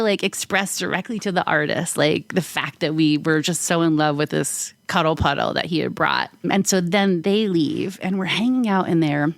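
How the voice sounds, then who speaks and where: A woman co-hosting a podcast, telling a casual story full of "like" fillers and acting out quoted voices with big jumps in pitch. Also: brisk, few pauses, dry recording. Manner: frequent "like" fillers. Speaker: podcast co-host.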